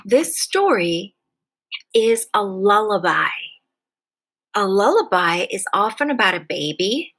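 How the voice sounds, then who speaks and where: A bright, clear-voiced woman teaching young children over video, speaking very slowly and deliberately. She draws out each letter sound with patient, careful enunciation, a warm classroom teacher for little ones. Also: medium pitch, poor audio. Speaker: kindergarten teacher. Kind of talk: slow, clear classroom phonics lesson.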